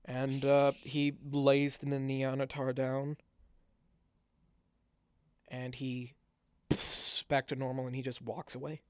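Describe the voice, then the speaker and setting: A man's voice: mid-range voice, monotone, takes it slowly, pauses often, smooth, dry recording. A man narrating a tabletop game as game master, telling the story with frequent restarts.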